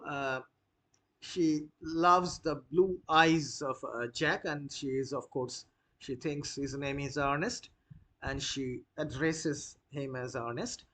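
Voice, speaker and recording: A man explaining a play to students, pausing often with fillers as he explains. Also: fairly high pitch, fairly bright tone. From India. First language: Bengali. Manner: hesitant, many uh fillers, unhurried explaining. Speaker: literature lecturer.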